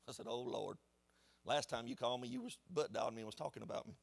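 A man, a pastor preaching a sermon in a church in an animated, conversational storytelling way. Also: high voice, brisk, creaky. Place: church sanctuary.

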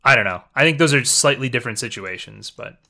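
A man's voice: medium pitch, animated, fast talker, gravelly, sharp tone. A man giving casual spoken commentary, talking things over at length while reacting to a stream. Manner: musing, explains at length.

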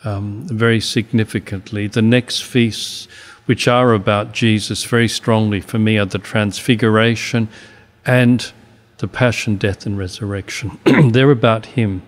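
An older Australian man, a bishop, giving a slow, reflective homily with pauses. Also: on the low side, fairly even intonation.

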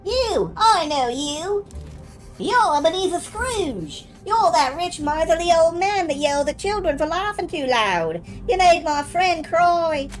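A woman voicing an indignant young street boy in a video game, loud and pleading. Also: very high voice, animated, unhurried, soft background music, pitched above the performer's own voice, low-quality recording.

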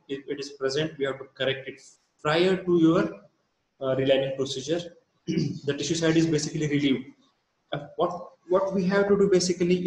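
Indian male lecturer, slightly high voice, hesitant delivery with many fillers, echoey room. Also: a little mellow. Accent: Indian English. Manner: halting, many fillers and restarts. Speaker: dental lecturer. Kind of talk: recorded lecture.

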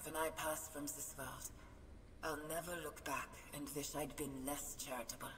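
A woman's voice: low voice, steady tone, moderate pace, close to an everyday voice. An actress voicing the ghostly echo of a wistful woman mage in a video game, speaking solemnly and reflectively with a faintly German-like accent. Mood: gentle. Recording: echoey, noisy game audio.

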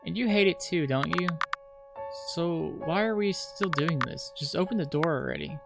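A creature from the basement mimics a parent and wheedles someone into opening a door, as a streamer reads its lines. The voice has a rough, creaky grain. Loud piano music plays underneath. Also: medium pitch, moderate pace, close to an everyday voice. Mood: pleading. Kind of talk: reading game dialogue aloud.

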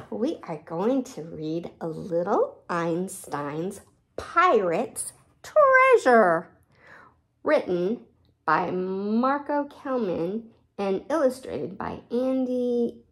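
A woman reading a children's picture book aloud, talking to young listeners in a slow, animated way. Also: medium pitch. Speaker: storybook reader.

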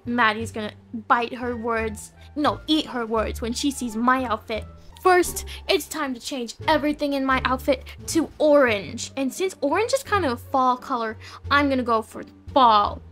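A woman puts on a snooty, boastful mean girl for a game role-play, her high voice pushed loud and sneering. Soft music plays underneath. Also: measured pace. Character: bratty mean popular girl, boastful and rude. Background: faint music.

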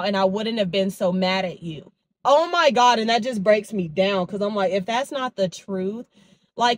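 A woman's voice: mid-range voice, no room sound. A woman in her twenties chatting casually in a vlog, telling stories with lots of quoted back-and-forth, filmed on her phone in her car and at home. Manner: chatty, animated storytelling with quoted dialogue. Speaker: vlogger. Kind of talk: casual vlog chat to camera.

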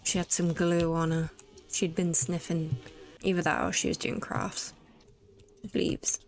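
A woman's voice: lowish voice, level tone, moderate pace. A woman giving chatty, jokey commentary while playing a game, often talking to herself. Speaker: let's play gamer. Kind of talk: casual gameplay commentary.

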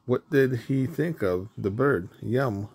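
A man reading a children's picture book aloud in a simple, deliberate way, with small stumbles over words. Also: mid-range voice, gravelly, darkish tone, slightly rough. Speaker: storybook reader. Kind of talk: children's story read aloud.

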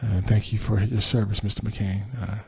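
Gravelly, husky man reading celebrity news. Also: fairly low pitch, level tone, normal speed, a little mellow, no room sound. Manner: reads quotes then adds dry sarcastic asides and laughs. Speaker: podcast host. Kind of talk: reading entertainment news with asides.

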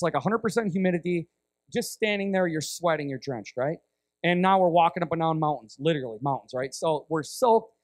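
A man's voice: high-pitched, dry recording. A man preaching as a guest speaker, telling a vivid story, acting out voices and checking in with "right?" often. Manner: animated storyteller, acts out voices, frequent "right?". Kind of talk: storytelling sermon.

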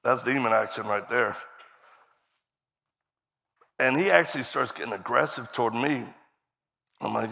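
Animated man preaching in a reverberant hall. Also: on the high side, normal speed, vocal fry, long pauses. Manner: animated storyteller acting out dialogue, laughing often. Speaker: guest preacher. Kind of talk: storytelling sermon.

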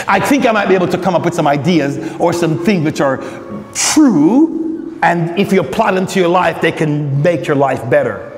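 High lively pastor guy joking with the congregation, big echoey church hall. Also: moderate pace, a little hiss or hum. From Australia. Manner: joking, teasing the congregation by name. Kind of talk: conversational Bible study sermon.

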